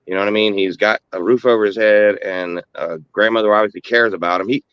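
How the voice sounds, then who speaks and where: A man's voice: fairly low pitch, steady tone, quick pace, smooth, no room sound, lo-fi sound. A man chatting casually, telling things in a wry, sarcastic way. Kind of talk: casual profane chat.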